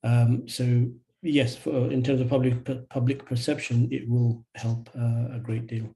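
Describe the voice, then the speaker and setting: A man answering questions on a webinar video call, measured and hesitant with many fillers. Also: mid-range voice, little pitch movement, creaky, dark tone, poor audio. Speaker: charity registration advisor.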